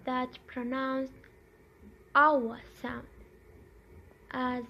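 A young woman student giving a slow, deliberate classroom presentation on pronunciation, repeating each example word. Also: high-pitched, fairly even intonation, breathy edge, muffled recording. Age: young adult.

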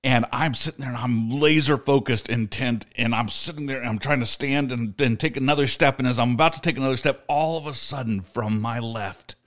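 A man's voice: medium pitch, a little fast, hardly any pauses, a bit bright. A middle-aged man co-hosting a podcast, telling a story in casual chat and laughing often as he talks. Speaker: podcast co-host.

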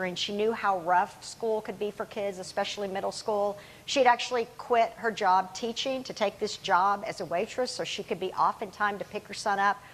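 A woman giving a sermon in a relaxed, conversational way, with informal asides. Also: medium pitch, slight background noise, poor audio. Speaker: guest preacher.

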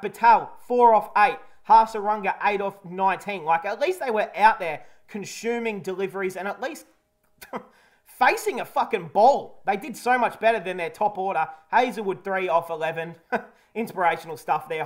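A man's voice: high-pitched, normal speed. A man hosting a casual cricket match review, talking candidly and jokingly with some blunt swearing. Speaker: cricket video host.

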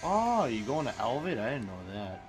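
A young man giving loud, excitable gameplay commentary, swearing and laughing often. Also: medium pitch, moderate pace, music in the background. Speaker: gaming YouTuber.

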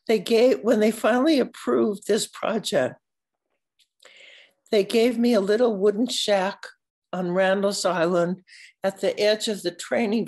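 An older American woman, an artist telling stories at a symposium, speaking in a halting, searching way with frequent restarts and occasional coughs. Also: medium pitch. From United States. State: coughing at times. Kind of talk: unscripted conversation.

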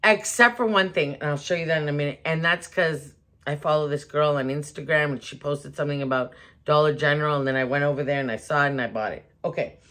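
A woman's voice: low-pitched, quick pace. Chatty woman vlogging at home. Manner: chatty, animated, laughs often, many restarts. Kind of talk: casual chat to camera. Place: home bedroom.

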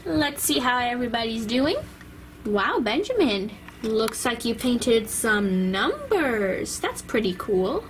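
An upbeat woman art teacher , played by a woman coaxes little kids along with a high, bouncy, animated voice. She praises every idea warmly, like in a doll-play cartoon. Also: takes it slowly, slight background noise. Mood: encouraging. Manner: coaxing, praising.

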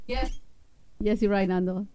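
A woman hosting a product livestream, excitable and laughing often. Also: mid-range voice, a little slow, heavy background noise. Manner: giggly, excitable. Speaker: livestream host.

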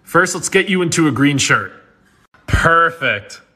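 A man's voice: fairly high pitch, expressive, measured pace, sharp tone, a little hiss or hum. Playful young man teasing his dad. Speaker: son making comedy videos. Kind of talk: casual comedy skit.

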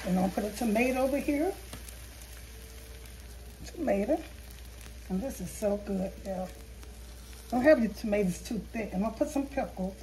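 A woman's voice: mid-range voice, quick pace, dark tone, a little hiss or hum. A woman hosting a home cooking video, chatting casually and rambling as she corrects herself mid-sentence. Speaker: home cooking channel host. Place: home kitchen.

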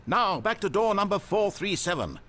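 A man's voice: high voice, big pitch swings, normal speed, bright, forceful tone, exaggerated voice. An actor playing a smug, chatty male game narrator with a wry, theatrical manner. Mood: cheering on.

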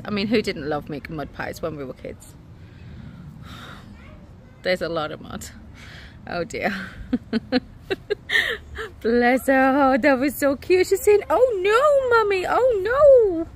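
A woman's voice: medium pitch, lively intonation, unhurried, pauses often, slight background noise. A woman vlogging in her garden, chatting casually and laughing often. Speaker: vlogger and mother. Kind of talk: casual chat to camera. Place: outdoors in a garden.

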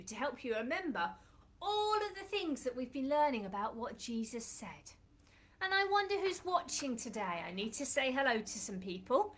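A woman's voice: fairly high pitch, a bit bright, low-quality recording. A woman hosting a Bible club for children, talking in a friendly way and calling out sing-song greetings.

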